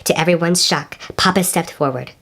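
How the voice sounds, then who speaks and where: Low-voiced woman reading a picture book. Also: a little fast, gravelly, a bit bright. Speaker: storybook reader.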